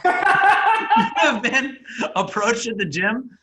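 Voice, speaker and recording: A man's voice: very high voice, big pitch swings, slow, very noisy. A man hosting a podcast, chatting casually, teasing and laughing a lot. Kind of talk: casual chat.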